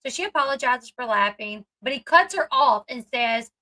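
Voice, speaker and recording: High, bright-voiced woman recapping chattily. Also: animated, normal speed, low-quality recording. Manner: chatty retelling, acting out quotes with many "like"s. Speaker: commentary channel host. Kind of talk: casual commentary recap.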